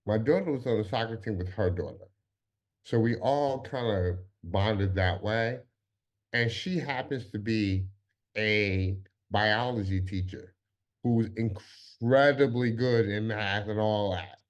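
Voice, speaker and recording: A man's voice: lowish voice, takes it slowly, dull audio. A man co-hosting a podcast in casual conversation, often stopping and restarting his sentences. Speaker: podcast co-host.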